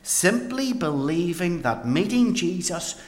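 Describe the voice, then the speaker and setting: A man performing a dramatic first-person Bible monologue as a paralysed man healed by Jesus, with earnest storytelling and dramatic pauses. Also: high voice, big pitch swings, heavily acted. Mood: tense.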